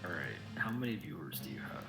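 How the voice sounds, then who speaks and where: A man's voice: low voice, lively intonation, quick pace, vocal fry, bright, forceful tone, soft background music. Playful man joking on a stream. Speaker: guest on a stream. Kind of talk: casual chat.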